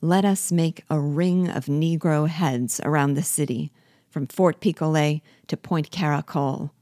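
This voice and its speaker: A woman's voice: deep voice, steady tone, measured pace, dark tone, no echo, studio quality. A woman reading a pompous ruthless colonial general.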